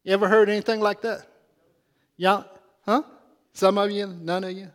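Flat in delivery and sitting high in pitch, this male pastor speaks at normal speed during a church sermon. His style is conversational as he calls out questions to the congregation, all under the long reverb of a church hall.

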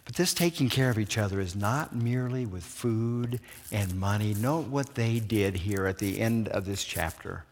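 A pastor preaches with animated storytelling, quizzing his congregation with questions, and a long church hall reverb trails his words. His voice is lowish and his pace normal.

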